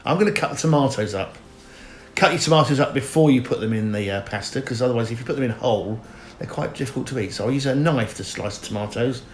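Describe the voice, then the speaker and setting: A man's voice: mid-range voice, fast talker, a little hiss or hum. A middle-aged man giving a rambling, mock-earnest comic voice-over and chatting straight to the viewers. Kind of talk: deadpan comic narration. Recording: roomy sound with faint music.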